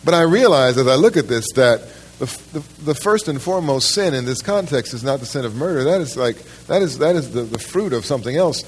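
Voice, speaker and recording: A male pastor preaching a Sunday sermon in a church, his pitch in an ordinary middle range. He speaks emphatically and often stumbles back over his words to restart a phrase. Between points he puts questions straight to the people in the pews. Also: animated, brisk, a little hiss or hum. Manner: addresses the congregation directly with questions. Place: church service.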